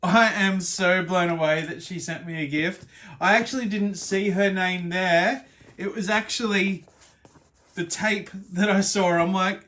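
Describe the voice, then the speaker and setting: A man's voice: sits high, unhurried, pushed and bright. A man, chatting casually in his art vlog and often repeating words as he talks. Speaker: acrylic pour artist vlogger.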